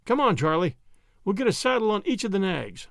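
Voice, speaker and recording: A grim, urgent man rushing others along, as a storyteller reads him, with a gravelly edge and lively swings of pitch. The recording is close and dry. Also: dry recording, exaggerated voice.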